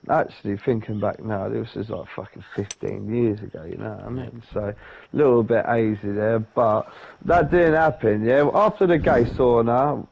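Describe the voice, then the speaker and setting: A man's voice: mid-range voice, moderate pace, creaky, faint music behind. Sweary man telling a story. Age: 30s. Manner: sweary, animated, acts out voices. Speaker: podcast co-host. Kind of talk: casual storytelling. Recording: dull lo-fi sound with faint noise.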